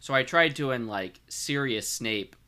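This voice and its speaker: A man's voice: mid-range voice, lively intonation, slow, sharp tone, clear, resonant tone. A man co-hosting a podcast in casual chat, easygoing and joking. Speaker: podcast co-host.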